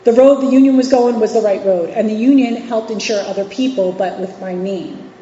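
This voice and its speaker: A woman in her forties from New York City and Virginia speaks as a guest at a recovery meeting, sharing candidly and conversationally with many fillers and restarts. Her voice is on the high side, a little fast, and dark in tone. The meeting hall recording is echoey, dull, and lo-fi, with slight background noise.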